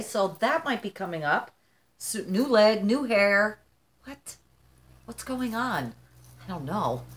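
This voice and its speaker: A woman in her fifties chatting casually to her viewers at home, animated and talkative, often calling them "you guys". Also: mid-range voice. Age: 50s. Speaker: vlogger. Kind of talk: casual chat to camera.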